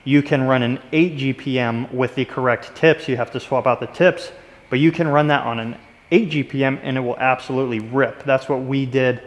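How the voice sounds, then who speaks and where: A man in a reverberant room, talking casually about his work gear with an upbeat, direct manner. His voice sits at an ordinary middle pitch, and the space gives it a long trailing echo. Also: steady tone, normal speed. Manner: enthusiastic, direct, addresses viewers as "you guys". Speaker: pressure washing business owner. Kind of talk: casual product walkthrough.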